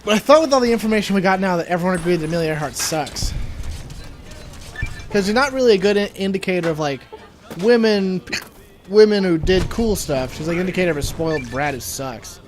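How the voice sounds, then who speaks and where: Lively joking young man with hiccups. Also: high-pitched, a little fast, faint music behind. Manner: joking, sarcastic, rambling. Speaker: let's play co-host. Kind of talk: casual gameplay banter.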